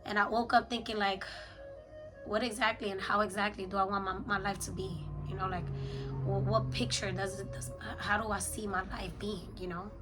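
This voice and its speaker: A woman talks in a raw confessional voice journal. She is blunt and slangy, swears heavily, and her pitch sits in a middle range. Music plays clearly behind her. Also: little pitch movement, normal speed, rough recording. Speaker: vlogger.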